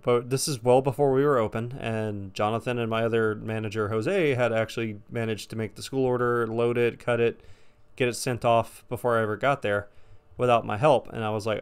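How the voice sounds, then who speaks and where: A man telling a casual story to camera, animated and exasperated, swearing often. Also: mid-range voice, a little fast, smooth. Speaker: storytime vlogger.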